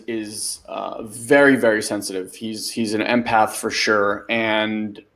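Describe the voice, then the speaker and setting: A man hosting a webinar, talking loosely as a life coach and answering a listener's question, with lots of "like" and "you know". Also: medium pitch. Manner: loose, conversational, many fillers like "like" and "you know".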